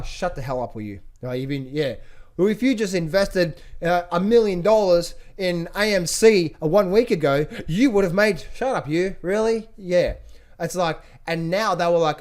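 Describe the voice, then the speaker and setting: A middle-aged man giving casual market commentary as a trading educator, animated, often slipping into high mock voices of panicking traders. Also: normal speed. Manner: frequent fillers and restarts, addresses viewers as guys.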